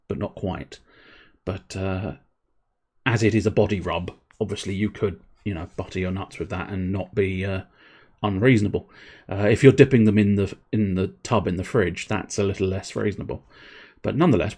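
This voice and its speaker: Guy in his 30s rambling to chat on a game stream, kinda low voice, jokey and sweary. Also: darkish tone. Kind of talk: casual live-stream chat while gaming.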